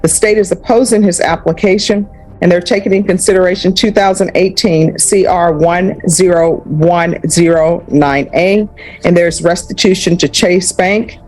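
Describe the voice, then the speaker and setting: A woman judge running a court hearing, formal and measured, reading case numbers slowly. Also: lowish voice, darkish tone, rough recording. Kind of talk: courtroom proceedings.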